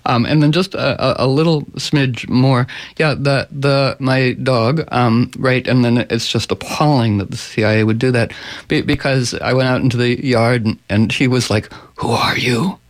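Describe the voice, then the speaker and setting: A man hosting a radio talk show, telling rambling, animated stories in casual chat. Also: mid-range voice, normal speed, no room sound. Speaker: radio host.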